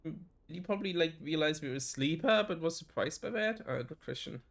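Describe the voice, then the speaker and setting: A man's voice: on the high side, expressive, fairly quick, fairly bright tone. Man reading a game aloud. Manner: frequent self-corrections and restarts while reading. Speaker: streamer.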